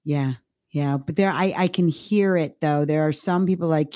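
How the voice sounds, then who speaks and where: A woman co-hosting a podcast, talking casually and stressing her main points by slowing down on key words. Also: low voice, dark tone, no room sound, studio quality. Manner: emphatic, stresses key words with slowed delivery. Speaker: podcast co-host.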